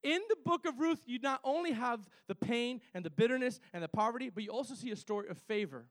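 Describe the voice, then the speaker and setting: A man's voice: very high-pitched, expressive, quick pace, no echo. A male preacher delivering a fervent sermon to his church, repeating phrases and calling for amens.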